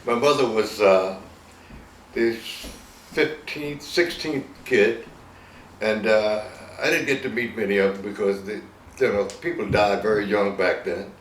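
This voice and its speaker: Chuckling and wandering from tale to tale, a Southern-accented Virginian man in his 80s tells stories in a relaxed interview. He speaks at a measured pace in a fairly low voice. The mic sits at a distance in a roomy space, picking up faint noise.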